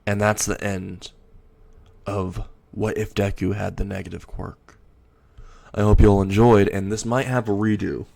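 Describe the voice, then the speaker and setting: Low gravelly male storyteller. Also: level tone, unhurried, darkish tone. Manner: casual, blunt, crude wording. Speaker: fan story narrator. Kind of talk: improvised fan story narration.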